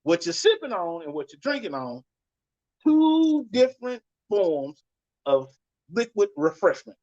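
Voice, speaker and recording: A man's voice: big pitch swings, a little slow. Ranting, profane man host. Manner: loud, blunt, cursing rants with sudden pitch jumps. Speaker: podcast host. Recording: dull lo-fi sound.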